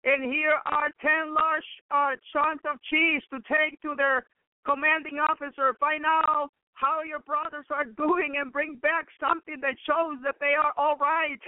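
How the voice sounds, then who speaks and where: A man with an extremely high-pitched, level voice reads scripture aloud at a measured pace, preaching and commenting on it. Between passages he breaks in with exclamations of praise and laughter. The sound is a dry, tinny radio broadcast over a phone line.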